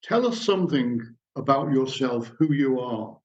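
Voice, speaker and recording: A man's voice: mid-range voice, very animated, unhurried, darkish tone. A man quoting an insistent male group therapist during a lecture. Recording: dull lo-fi recording.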